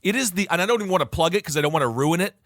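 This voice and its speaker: A man co-hosting a podcast in casual chat, upbeat and animated, laughing often. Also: high voice, racing, no echo, clean studio sound. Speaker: podcast co-host.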